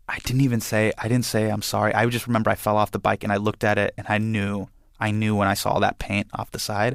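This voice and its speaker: Young guy with a gravelly voice telling a family story, really animated, does everyone's voices. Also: fairly low pitch, fast talker, no echo, clean studio sound. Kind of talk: personal storytelling.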